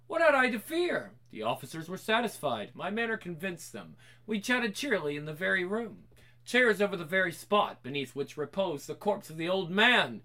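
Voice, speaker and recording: Brief: amateur horror reader, theatrical, lively swooping delivery. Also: medium pitch, normal speed. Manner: theatrical, hushed then rising to frantic. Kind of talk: dramatic reading of a horror comic.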